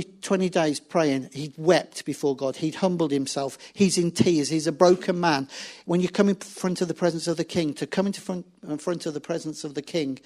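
Pastor preaching with lively storytelling. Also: male voice, a little high. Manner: lively storytelling, acting out dialogue. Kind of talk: sermon.

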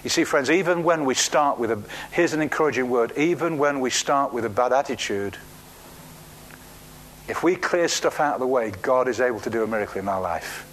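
A man's voice: medium pitch, brisk, slight background noise. A man preaching a sermon, telling a Bible story with acted-out quotes and frequent restarts. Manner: animated storytelling, acts out quotes, restarts words.

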